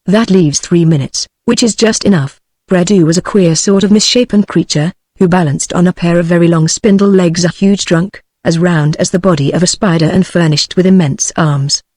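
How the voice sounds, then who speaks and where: A text-to-speech woman's voice with a British accent, narrating an audiobook in an even synthetic delivery. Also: fairly low pitch, normal speed, hardly any pauses, dry recording, studio quality. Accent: British English.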